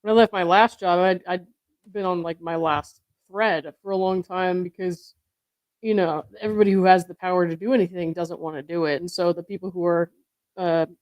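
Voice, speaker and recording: A woman's voice: fairly low pitch, fairly even intonation, brisk, no echo, dull audio. A woman hosting, talking in a chatty, rambling way and laughing often during a casual chat. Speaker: host.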